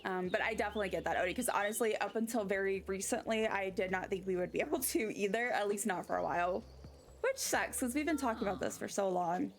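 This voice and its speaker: Casual woman game streamer, mid-pitched, rambling, sidetracked, talks to chat. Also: fast, slight background noise. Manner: rambling, easily sidetracked chatter; reads chat aloud and answers it.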